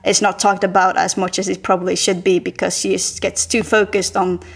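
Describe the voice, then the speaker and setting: Flat-voiced woman, football pundit. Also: mid-range voice, brisk, creaky, husky. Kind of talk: casual football discussion.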